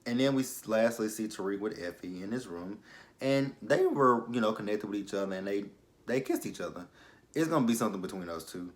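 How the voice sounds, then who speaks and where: Young dude doing a tv recap vlog, kinda low voice, rambling, lots of "you know". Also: male voice, brisk. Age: young adult. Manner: chatty, filler-heavy, swings into exaggerated reactions. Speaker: TV episode reviewer. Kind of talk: casual episode recap vlog.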